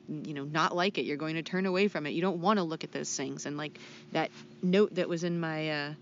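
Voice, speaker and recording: A woman co-hosting a casual podcast, speaking hesitantly and thoughtfully. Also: low-pitched. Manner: slow, hesitant, reflective. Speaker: podcast co-host. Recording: dull lo-fi recording with faint noise.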